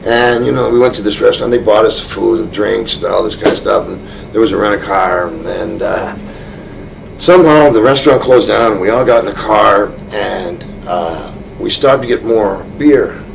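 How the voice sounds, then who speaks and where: A man as an interview guest, telling a rambling anecdote full of restarts, often chuckling and getting animated. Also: fairly low pitch, normal speed, vocal fry, a little hiss or hum, rough recording.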